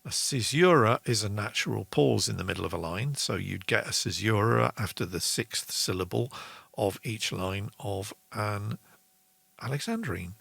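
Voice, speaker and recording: A man's voice: fairly low pitch, expressive, normal speed, vocal fry, fairly bright tone, breathy edge, no room sound. A man hosting a casual songwriting lesson, chatty, reading out viewer comments. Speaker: songwriting show host.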